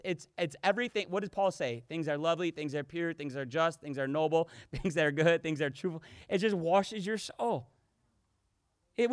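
A pastor giving an impassioned sermon, his delivery swinging between loud, emphatic declarations and hushed, intimate lines. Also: sits high, no room sound, clean studio sound.

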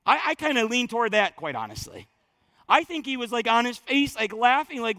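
A man preaching a sermon in a notably high voice with a bright, forceful edge. He reads scripture aloud, then breaks into lively, conversational asides to the congregation. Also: brisk. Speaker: pastor.

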